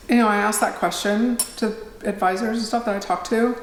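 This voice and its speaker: A woman's voice: mid-range voice, moderate pace, gravelly, few pauses, slight background noise. A middle-aged woman vlogging in a casual, rambling, self-deprecating chat to her viewers. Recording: roomy echo, faint ambience.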